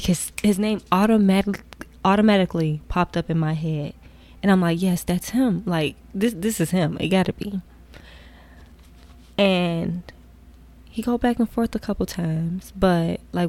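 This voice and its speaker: A woman's voice: lowish voice, measured pace. Candid young woman telling a story. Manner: candid, animated, drifting into soft whispered asides. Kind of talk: casual storytelling.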